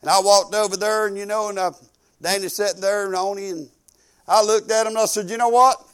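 High-voiced folksy preacher man. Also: a little fast, clear, resonant tone. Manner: animated, swinging from loud to hushed; colloquial, rambling with restarts. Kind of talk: folksy storytelling sermon.

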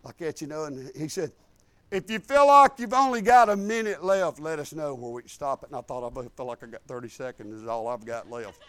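An older man preaching a sermon, telling a funny personal story in a folksy, humorous way with low asides. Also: expressive, fairly quick, a bit bright, no room sound.

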